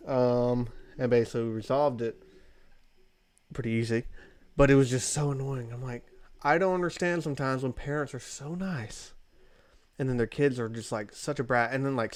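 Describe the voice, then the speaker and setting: Young dude on a podcast, mid-pitched voice, super casual, says dude a lot. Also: male voice, steady tone, normal speed, a little mellow, smooth, no room sound. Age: young adult. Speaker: podcast co-host. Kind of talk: casual storytelling chat.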